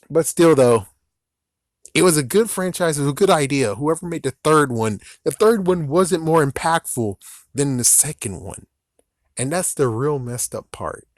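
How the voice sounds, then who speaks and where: A man's voice: mid-range voice, no room sound, studio quality. A man giving a casual, ranting opinion commentary on films, often mocking others in put-on voices. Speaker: video commentator.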